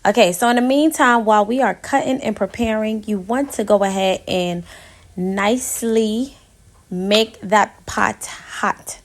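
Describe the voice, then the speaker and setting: A young woman chatting through a casual cooking tutorial in her home kitchen, talking straight to her viewers as "y'all". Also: medium pitch. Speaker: home cook vlogger.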